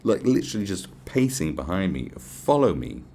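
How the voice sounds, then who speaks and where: Speaking at a moderate pace in a voice that sits low, this young English podcast host is heard with slight background noise. His stories come out as a casual, animated rant with plenty of swearing and quotes acted out in raised voices.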